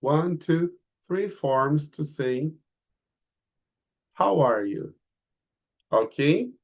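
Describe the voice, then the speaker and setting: A man teaching an introductory class, drawing out model phrases slowly for students to repeat, on slightly muffled audio. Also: fairly high pitch, expressive. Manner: slow, drawn-out model phrases for repetition. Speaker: English teacher. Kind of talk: online English lesson.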